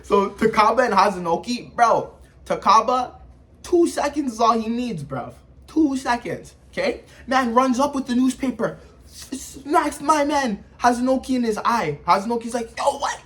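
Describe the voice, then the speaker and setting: High, animated guy hyping anime. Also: moderate pace. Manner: animated, slangy, with sound effects. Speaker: anime reviewer. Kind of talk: casual commentary.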